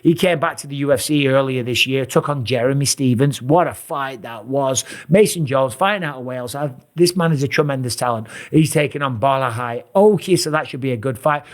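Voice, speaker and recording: A middle-aged man, a fight commentator, previewing upcoming bouts in a casual, blunt, animated way, swearing now and then. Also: medium pitch, brisk, few pauses. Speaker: MMA commentator and show host.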